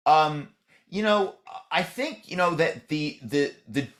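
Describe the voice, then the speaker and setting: A man's voice: on the high side, animated, slow pace, a bit bright. A middle-aged man as a podcast guest, talking loosely with lots of fillers and restarts. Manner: rambling, many "you know" fillers and restarts. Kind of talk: conversational interview.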